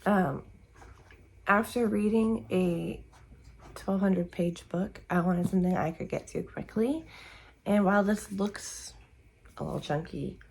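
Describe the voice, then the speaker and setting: A woman's voice: mid-range voice, unhurried, vocal fry, long pauses, a little mellow, a little hiss or hum, rough recording. A tired, sleepy woman chatting casually at home in the morning as a book vlogger, rambling and searching for words. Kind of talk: casual morning chat to camera.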